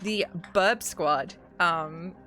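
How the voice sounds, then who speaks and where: A woman's voice: fairly low pitch, drawn-out words, pushed and bright, faint music behind. A woman with a Yorkshire accent hosting a tabletop game stream as game master, bubbly and playful as she introduces the players.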